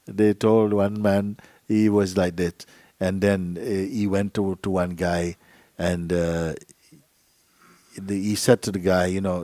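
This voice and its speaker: A man's voice: sits low, steady tone, slow, dark tone, dry recording. A man giving a spiritual talk to a gathering. He talks playfully, acts out little dialogues and laughs often. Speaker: spiritual teacher. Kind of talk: satsang talk. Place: meeting hall.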